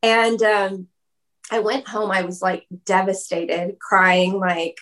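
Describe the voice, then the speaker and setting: A woman in a casual interview, telling her story in a loose, chatty flow. Her voice sits at an ordinary middle pitch, and she scatters "like" through her sentences and breaks into quick laughs. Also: little pitch movement, fairly bright tone. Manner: chatty, fillers of "like", laughs often. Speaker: guest.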